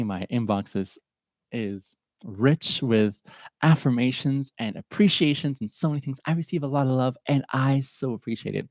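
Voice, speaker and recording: A middle-aged man hosts a reflective solo podcast, speaking earnestly, from the heart, and openly emotional, his nose stuffy and sniffly. His voice is mid-range and a little mellow, in a dry recording.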